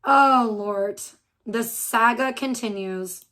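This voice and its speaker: A woman on a home live stream, talking in a somewhat high voice. She rants over someone else's video with sarcastic, profane, mocking asides and chats with her viewers. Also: slow pace, fairly bright tone. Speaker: streamer reacting to another stream.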